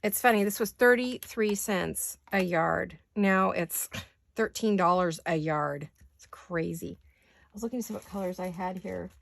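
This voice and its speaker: An older woman who is hoarse today, chatting casually while she crafts in her home studio and thinking aloud in wandering asides. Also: lowish voice, unhurried. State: hoarse, deep voice. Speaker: craft vlogger.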